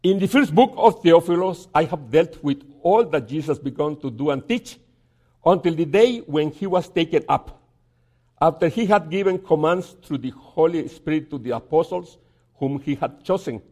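A man preaching a sermon, telling a story and reading scripture aloud, with halting repeats and dramatic pauses. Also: a little high, animated, mellow. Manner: reads scripture aloud slowly.

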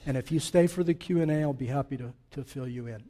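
A man preaching a sermon to his congregation, emphatic and animated, with joking asides to the listeners. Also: mid-range voice, quick pace. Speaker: pastor.

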